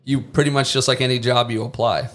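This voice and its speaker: A former Marine and contractor, guesting on a podcast, tells stories casually in a quick, mid-range voice. He's an animated storyteller who acts out quoted lines in a raised voice.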